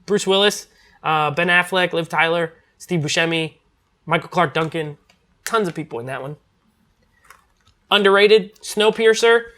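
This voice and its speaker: A man's voice: high voice, a little slow, long pauses, sharp tone, a little hiss or hum. A man reviewing movies in a casual, rambling chat, full of fillers and restarts.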